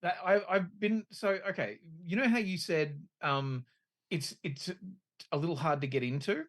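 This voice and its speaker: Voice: medium pitch, moderate pace. A podcast co-host chatting casually, rambling and swearing as they lose track. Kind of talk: casual chat.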